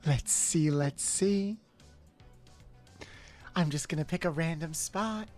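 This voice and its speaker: A woman putting on a soft, coaxing, doting motherly voice during a live stream. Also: deep voice, slow pace, soft background music. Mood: teasing.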